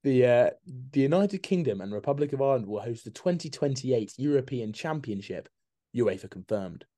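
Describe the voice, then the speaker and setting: A man's voice: medium pitch, lively intonation, normal speed, warm tone. A man co-hosting a casual podcast, joking, laughing often and quizzing his co-host with trivia. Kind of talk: casual chat.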